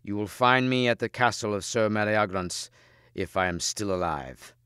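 A man voicing a bold, grim knight in a storybook reading, speaking loudly and slowly in a commanding way. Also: on the low side, clear, resonant tone, dry recording, clean studio sound. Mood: urgent. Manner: loud, slow, commanding challenge. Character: bold male knight hero, grim and fierce.

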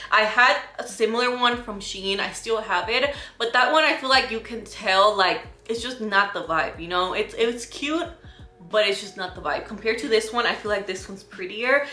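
Bright-voiced chatty woman from Puerto Rico. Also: mid-range voice. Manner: chatty, keeps addressing viewers as "you guys". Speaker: vlogger. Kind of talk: casual product haul. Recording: echoey room.

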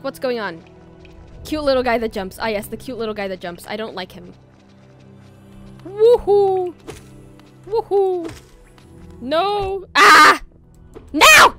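Streaming a game live, this woman speaks briskly in a higher voice with fairly even intonation. She chats through the play and bursts into startled shrieks, faint game music in the background.

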